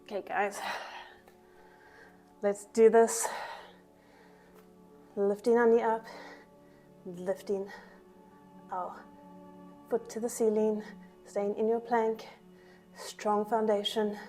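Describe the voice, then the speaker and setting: A woman's voice: medium pitch, level tone, slow, pauses often, dark tone, soft background music. A woman leading a pilates class, counting reps and cueing breaths as she exercises along, a little out of breath. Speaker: pilates instructor. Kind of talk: workout class instruction.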